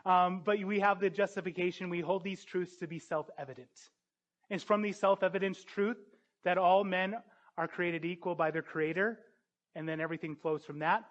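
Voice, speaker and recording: A man preaching a sermon, earnest and emphatic, building to forceful peaks. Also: sits high, steady tone, moderate pace, highs cut off.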